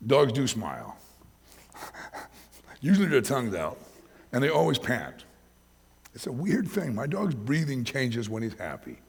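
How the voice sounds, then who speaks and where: A man preaching a sermon as pastor, telling animated stories about his pets, in a church hall with long reverb. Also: medium pitch, measured pace, creaky, pauses often, slightly rough. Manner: anecdotal, animated storytelling.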